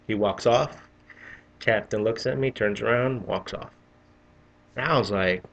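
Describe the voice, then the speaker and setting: Low-voiced man, gravelly, rambling and profane, casual vlog storytelling. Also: normal speed, a bit bright. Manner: rambling, profane, restarts often. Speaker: vlogger.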